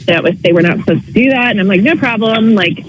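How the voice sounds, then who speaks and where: A woman calling into a radio show, telling her story in a rambling, halting way full of fillers. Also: mid-range voice, a little hiss or hum, rough recording. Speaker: caller. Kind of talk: phone-in call to a radio show.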